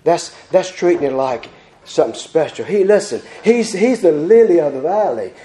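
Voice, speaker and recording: A man's voice: a little high, lively intonation, normal speed, mellow, a little hiss or hum. A man preaching a sermon, fervent and repetitive, stumbling over restarts. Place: church sanctuary. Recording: echoey church hall.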